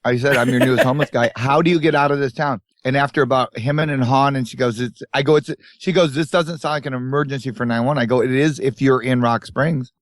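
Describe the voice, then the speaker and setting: A man co-hosting a casual podcast recorded on a tour bus tells a long, wandering road story and slips into the voices of the people in it. His pitch sits in the middle range. The sound is close and dry, with no room around it. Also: steady tone, fast talker, few pauses, no echo. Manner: rambling anecdotes with acted-out quotes. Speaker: podcast co-host.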